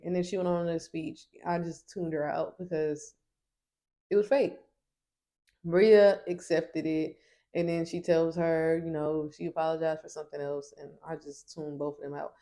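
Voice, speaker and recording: Sassy woman reviewer, low-ish voice, casual recap. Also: normal speed, warm tone. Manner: sassy, emphatic. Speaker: TV show reviewer.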